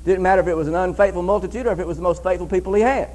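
Male preacher, high voice, emphatic sermon delivery with repeated phrases. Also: racing, darkish tone, poor audio. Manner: emphatic, repeats phrases, reads scripture aloud.

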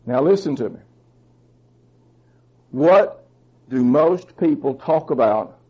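A man's voice: animated, slow, warm tone, breathy edge, muffled recording. A man preaching a sermon with a fervent, emphatic delivery, putting questions to the congregation and speaking. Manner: fervent, emphatic, rises in pitch when stressing points.

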